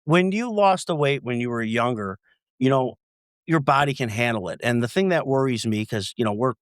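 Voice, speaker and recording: A man talking as a guest on a podcast, earnest and halting, often repeating words as he searches for them. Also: medium pitch, lively intonation, clean tone, dry recording, clean studio sound. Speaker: podcast guest, close friend. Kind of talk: casual podcast chat.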